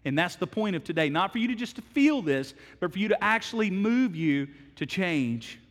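A middle-aged man preaching to his congregation, his voice sitting a little high for a man. He shifts from quiet, intimate lines to loud, emphatic bursts. Long reverb from a large hall trails each phrase. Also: very animated, normal speed. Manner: storytelling, swings from hushed to loud and emphatic. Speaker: pastor. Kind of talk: sermon.

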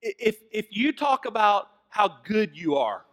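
A man with a Southern American accent preaching a sermon, moving from hushed lines to loud, fervent emphasis. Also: sits high, big pitch swings, unhurried. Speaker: pastor.

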